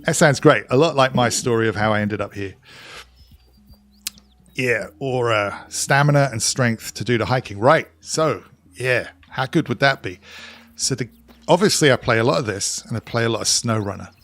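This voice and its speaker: Gravelly streamer with English-Scottish accent. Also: male voice, mid-range voice, moderate pace, a bit bright. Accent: mix of English and Scottish. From England. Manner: chatty, reads out and answers chat while playing. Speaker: game streamer. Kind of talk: casual live-stream chat with viewers.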